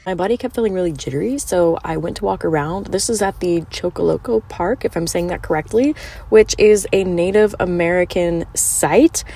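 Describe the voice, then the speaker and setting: A woman's voice: on the low side, moderate pace, dark tone, slightly rough. A woman chatting through a casual travel vlog in an enthusiastic, chatty way. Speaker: travel vlogger.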